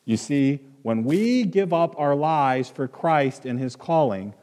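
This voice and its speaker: A middle-aged man preaching a sermon as pastor, conversational and halting, with fillers and restarts. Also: fairly high pitch, lively intonation, a little mellow. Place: church sanctuary with long reverb. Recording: reverberant church hall.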